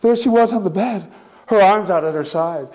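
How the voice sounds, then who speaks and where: A man's voice: high voice, normal speed, darkish tone. A man telling a campy horror story with theatrical, gleeful delivery, laughing often. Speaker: ghost story narrator.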